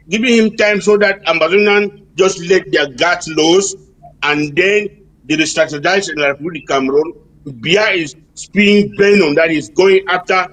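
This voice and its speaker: A man calling in to a political talk show, halting with rhetorical questions. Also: a little high, a bit bright. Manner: halting, many fillers and restarts, asks rhetorical questions. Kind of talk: political call-in commentary. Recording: distant-sounding call-in audio.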